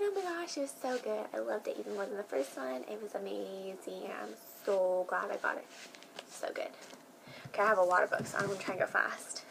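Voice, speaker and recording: A young woman talks in a casual vlog, bubbling with excitement and peppering her speech with fillers. Her voice carries a gravelly vocal fry at a middle pitch, over a faint background hiss. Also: poor audio. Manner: gushing, excitable, many fillers. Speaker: book vlogger.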